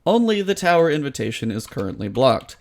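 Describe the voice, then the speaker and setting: Gravelly man ranting on a gaming podcast. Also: mid-range voice, big pitch swings, brisk, a little mellow. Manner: sarcastic, exasperated complaining. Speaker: podcast co-host. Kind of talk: casual gaming podcast chat.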